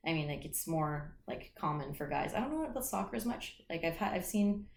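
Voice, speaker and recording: A woman's voice: low-pitched, lively intonation, a little fast, reverberant. A woman in her late twenties, a soccer player and coach, chatting casually as an interview guest and filling her talk with "like" and restarts. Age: late 20s. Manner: talkative, many "like" fillers and restarts.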